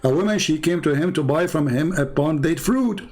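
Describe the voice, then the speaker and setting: A man's voice: fairly high pitch, fairly quick, a little mellow. A man in a heated debate, insistent and repeating himself, quoting and reading text aloud.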